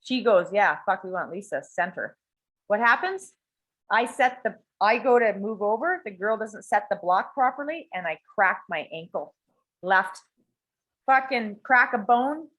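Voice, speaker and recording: Woman, high voice, blunt, animated, swears a lot, casual group talk. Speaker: coach and workshop leader.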